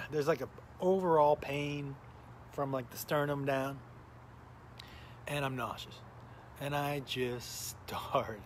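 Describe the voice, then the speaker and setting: A man's voice: mid-range voice, steady tone, slow, long pauses, a bit bright, a little hiss or hum. A middle-aged man, a comedian, casually chatting and telling a rambling story on a live stream, greeting viewers by name while sounding a little tired. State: tired, recovering from illness.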